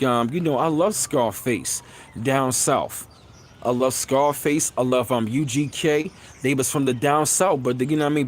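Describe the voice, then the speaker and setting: A man hosting a casual live stream, talking loosely and repeating filler phrases, getting louder and higher when excited. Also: a little hiss or hum. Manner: loose, rambling, repeats phrases like "you know what I'm saying". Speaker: channel host.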